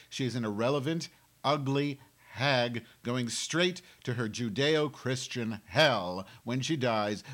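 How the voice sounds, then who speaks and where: A man hosting a live webcam show from home on a wireless mic, rambling profanely with abrupt outbursts as he moves around his kitchen. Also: medium pitch. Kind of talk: rambling live-stream monologue.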